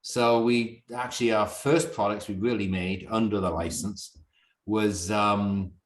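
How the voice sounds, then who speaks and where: Speaking in a fairly low, fairly even voice at a measured pace, this distillery founder from Northern England chats casually on a video call. He's in a bedroom at home, rambling and laughing, with reverb around him.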